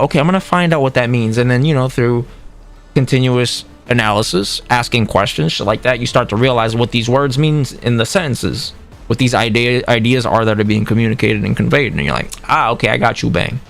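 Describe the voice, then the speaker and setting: A man coaching on a livestream in a casual, profane way, often acting out what other players might say. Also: medium pitch. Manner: animated, profane, acts out quoted players. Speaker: streamer coaching fighting games.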